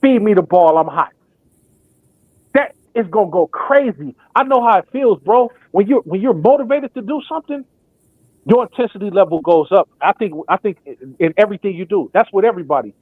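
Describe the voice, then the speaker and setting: Young male sports podcaster, high voice, animated, dry tinny line. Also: a little fast, no room sound. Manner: acts out imagined quotes in put-on voices. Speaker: podcast co-host. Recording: thin phone-like sound.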